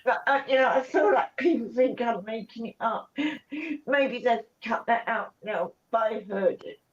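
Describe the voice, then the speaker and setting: A woman on a live panel, upset and tearful, talking haltingly with many ums and restarts. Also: on the high side, lo-fi sound. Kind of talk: emotional casual chat.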